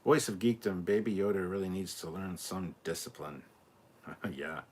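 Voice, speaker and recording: A Scottish man with a notably deep, low-pitched voice hosts a relaxed live stream. He reads viewer comments aloud and answers them in a loose, chatty way, swearing freely as he goes. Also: normal speed, slight background noise. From Scotland.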